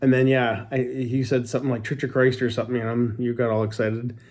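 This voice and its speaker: A talkative man from Canada chatting casually with his wife, quick to joke and poke fun at himself. His voice sits at an ordinary middle pitch, and he rambles from one story to the next. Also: level tone, darkish tone. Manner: chatty, joking, self-deprecating. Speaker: co-host. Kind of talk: casual couple chat.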